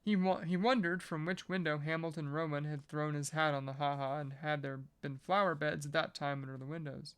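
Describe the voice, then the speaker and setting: Podcast reader going through a novel out loud, smooth clear voice, mid pitch, steady reading. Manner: measured reading with casual joking asides.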